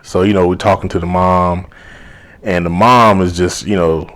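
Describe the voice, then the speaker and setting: A man's voice: sits low, moderate pace. A man working as a life coach, telling a personal story casually and acting out the dialogue as he goes. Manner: animated retelling full of quoted dialogue and "you know".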